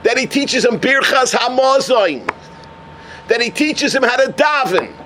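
A man telling stories in a sermon as a Torah teacher, animated, with Hebrew and Yiddish terms woven into his English. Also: very high voice, a little slow, a little hiss or hum. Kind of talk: sermon storytelling.

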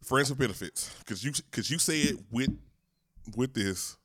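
A man in his thirties co-hosting a casual podcast chat, animated and profane, acting out the voices of people he quotes. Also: medium pitch, measured pace, no echo, studio quality. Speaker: podcast co-host.

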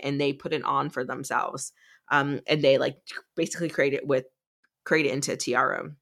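A woman's voice: sits low, a bit bright. A woman co-hosting a podcast, casually recapping a book in a chatty way, with lots of fillers. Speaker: podcast co-host.

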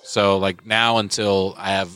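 A man's voice: low voice, little pitch movement, unhurried, fairly bright tone, clean tone. A male comedian chatting as a podcast guest, easygoing and modest. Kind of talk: interview chat.

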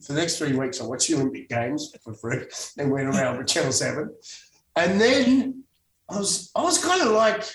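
An Australian man, a former actor, telling lively stories about his career as a podcast guest, acting out what he said back then. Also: on the high side, moderate pace, reverberant, recorded from a distance, low-quality recording. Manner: animated storyteller acting out his own past lines. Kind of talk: storytelling in podcast interview.

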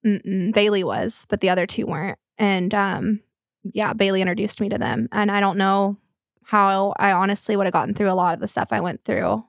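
Young woman, tearful, rambling with fillers, dry close sound, middle pitch. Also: fairly even intonation, normal speed, gravelly, no room sound. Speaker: guest. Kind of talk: emotional personal storytelling.

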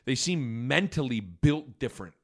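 A man talks sports in a loose, casual podcast chat. His voice sits at a middle pitch. He rambles, stacking fillers and restarting his sentences as he works toward a point. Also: animated, normal speed.

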